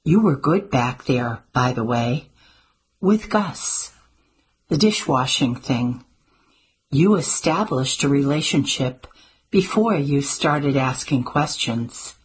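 A woman doing a brisk, clever young granddaughter. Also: very deep voice, expressive, husky, full character voice. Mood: earnest. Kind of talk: audiobook character voice.

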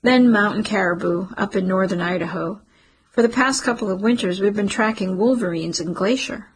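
A woman reading the part of an earnest man who works as a wildlife biologist, her voice husky and breathy, close to her own. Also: medium pitch, moderate pace, poor audio.

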